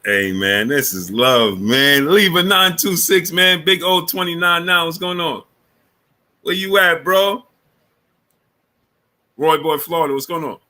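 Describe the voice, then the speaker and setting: A man with a very bright, sharp-edged voice hosts a casual sports livestream. He greets chatters one after another and leans on fillers and repeated phrases. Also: fairly high pitch, animated, a little slow, pauses often. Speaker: livestream sports show host. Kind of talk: casual live chat reading viewer names.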